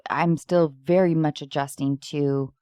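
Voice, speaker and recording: A woman's voice: sits low, fairly even intonation, measured pace, warm tone, clean tone, no echo. A woman hosting a podcast, chatting casually into a close microphone, playful and rambling, often laughing. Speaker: podcast host. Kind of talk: casual chat.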